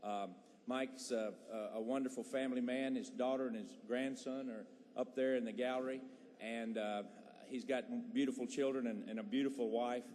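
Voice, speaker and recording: A man's voice: medium pitch, fairly even intonation, normal speed, darkish tone. A male legislator gives a hesitant tribute speech full of fillers on the floor of a large chamber. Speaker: state legislator. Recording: faint noise, long hall reverb.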